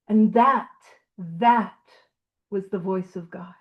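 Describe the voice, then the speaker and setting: A woman leading a recovery study meeting, telling a story in a casual, animated way and laughing often. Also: mid-range voice, takes it slowly, dull audio. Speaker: meeting leader.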